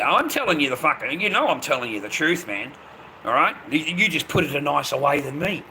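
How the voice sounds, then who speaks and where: A man's voice: a little high, big pitch swings, fairly quick, sharp tone, slight background noise. An Australian man in his fifties ranting bluntly on a live stream, swearing heavily and repeating himself. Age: 50s. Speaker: livestreamer. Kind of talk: profane angry rant to a live stream.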